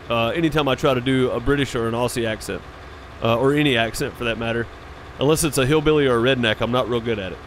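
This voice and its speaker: A man chatting casually with his viewers during a live farming-game stream. His voice sits at a medium pitch and he talks in an unhurried, rambling way, dropping fillers as he goes. Faint background noise sits under the voice. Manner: laid-back and rambling, with frequent "uh" and "man".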